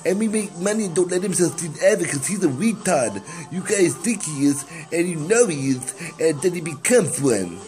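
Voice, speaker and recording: A young man hosting his own vlog, rambling erratically with sudden loud, excited swings. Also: on the high side, moderate pace, hardly any pauses, faint music behind, poor audio. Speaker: vlog host. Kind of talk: rambling self-recorded vlog.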